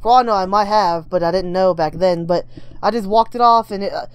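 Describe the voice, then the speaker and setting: A woman's voice: medium pitch, fairly quick, smooth. A woman telling a casual story-time vlog, rambling and checking in with "right?" as she goes. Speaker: vlogger.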